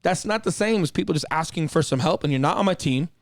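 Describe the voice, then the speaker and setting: A man's voice: fairly high pitch, fast, no echo, clean studio sound. A man and former Marine co-hosting a podcast, talking casually in a blunt, direct way and swearing freely. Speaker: podcast co-host.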